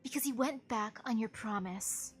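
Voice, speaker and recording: A woman's voice: fairly high pitch, moderate pace, close to an everyday voice. A woman reading a bitter, vengeful young woman villain. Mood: accusing. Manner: quiet, resentful, broken.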